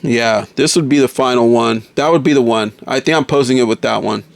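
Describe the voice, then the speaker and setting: A man's voice: medium pitch, a little fast, vocal fry, dry recording. A man casually reviewing a toy figure, enthusiastic and often calling viewers folks.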